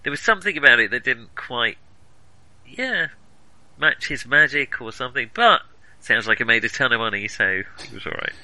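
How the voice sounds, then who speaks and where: A middle-aged man talking films with a friend, animated and given to self-deprecating laughter. His voice is very bright and edgy, and his pitch leaps around with enthusiasm. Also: normal speed, dry recording, low-quality recording. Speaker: podcast co-host. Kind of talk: casual film chat.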